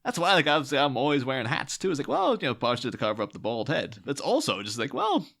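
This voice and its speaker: A man's voice: mid-range voice, big pitch swings, fast talker, gravelly, fairly bright tone. A man with a Northern Irish accent chatting on a podcast, laughing and joking as he talks. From Northern Ireland. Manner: laughing, jokey, does comic voices. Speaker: podcast co-host. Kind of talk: casual podcast chat.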